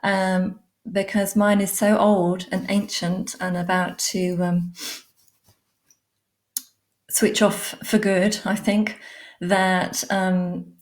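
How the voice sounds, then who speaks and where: An English woman talking into a laptop mic during a live stream, greeting viewers one by one with lots of darlings and ums. She speaks slowly and gushes over every hello. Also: medium pitch, flat delivery. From England. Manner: warm, effusive, calls viewers darling and lovely; many fillers, unhurried. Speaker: livestream host, animal communicator.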